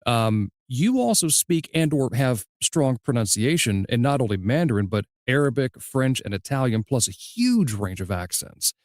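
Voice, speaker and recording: A man with a slight Southern US accent, hosting a podcast interview and asking measured questions in an easygoing, storytelling way. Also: mid-range voice, sing-song, a little mellow, no echo, studio quality. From Southern United States. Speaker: podcast host and audiobook narrator. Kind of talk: casual interview chat.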